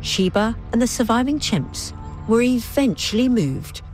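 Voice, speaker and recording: A woman narrating a documentary in a measured, scripted way. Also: a little high, lively intonation, darkish tone, faint music behind.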